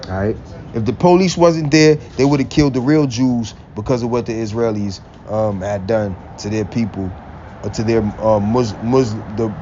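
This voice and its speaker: A man's voice: medium pitch, a little mellow. A man in a blunt, profane, preachy rant, quoting scripture and laughing between points. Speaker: religious vlogger. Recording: dull lo-fi recording with faint vehicle noise.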